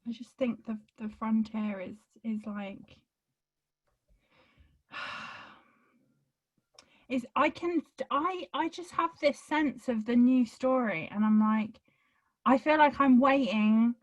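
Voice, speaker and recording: A woman's voice: fairly high pitch, slow, long pauses, no echo, dull audio. Hesitant, earnest woman on a call. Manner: hesitant, earnest, self-conscious laughs. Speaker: caller on coaching call. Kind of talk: casual chat.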